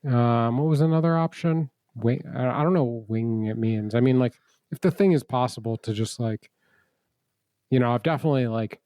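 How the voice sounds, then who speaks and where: A man's voice: medium pitch, fairly quick, dark tone, no echo, clean studio sound. A man co-hosting a casual podcast, a cook who talks in a thoughtful, hedging way. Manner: thoughtful, hedging, many fillers.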